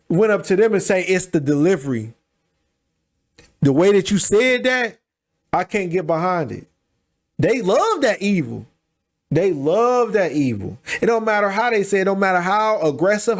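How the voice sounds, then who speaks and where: A man hosting a reaction channel, restating the clip's point in fast, casual commentary full of slang. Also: sits high.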